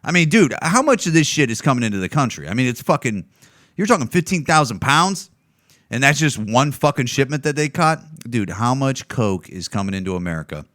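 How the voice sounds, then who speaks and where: A man's voice: medium pitch, very animated, a little fast, a bit bright, dry recording, clean studio sound. A man, a comedian hosting a podcast, giving crude, heated commentary on video clips, swearing constantly. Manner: profane, heated, lots of swearing. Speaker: podcast host.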